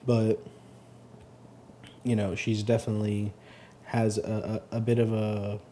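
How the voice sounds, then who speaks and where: A man hosting a story channel who reads posts aloud, then comments in a halting, earnest way, often stumbling and repeating words. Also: lowish voice, level tone, a little hiss or hum. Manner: sympathetic, soft-spoken commentary. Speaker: Reddit story reader and host.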